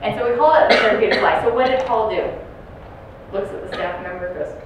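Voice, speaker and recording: A woman giving a dementia care training talk to a class, telling stories and acting out residents' shouts. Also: a little high, fast talker. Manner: storytelling, acts out residents loudly. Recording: echoey room from far off, noisy.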